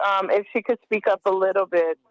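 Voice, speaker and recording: A woman's voice: medium pitch, steady tone, a little fast, a crowd in the background. A woman pastor calling in to a radio show, cheerful and laughing easily as she chats. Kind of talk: phone-in small talk. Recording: slightly muffled phone line.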